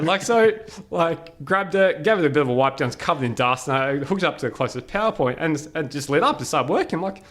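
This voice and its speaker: A man's voice: a little high, expressive, quick pace, few pauses, fairly bright tone. A man as a podcast guest, telling stories casually and animatedly, laughing often and using many fillers. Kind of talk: casual storytelling interview.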